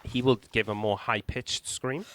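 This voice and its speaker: A man hosting a gaming channel, calmly talking the viewer through a survival game, explaining tactics with small restarts. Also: mid-range voice, measured pace. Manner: calm, explanatory, hedging with restarts. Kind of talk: gameplay walkthrough commentary.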